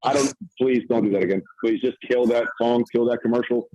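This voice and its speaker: Profane husky-voiced male caller. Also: mid-range voice, steady tone, a little fast, mellow, no echo, low-quality recording. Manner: profane, exasperated, comic griping. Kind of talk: voicemail call-in rant.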